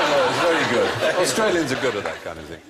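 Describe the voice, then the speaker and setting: Lively-voiced quiz show host. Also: male voice, medium pitch, heavy background noise. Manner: lively, asks questions, tells anecdotes. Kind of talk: panel show banter.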